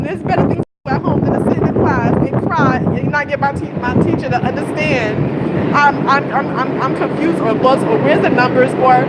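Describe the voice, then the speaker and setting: In this venting vlog monologue, an upset woman with a high voice speaks at a moderate pace while outdoors on a city street on her way to a train. Street noise runs in the background as she coughs dryly, clears her throat, and poses frequent rhetorical questions.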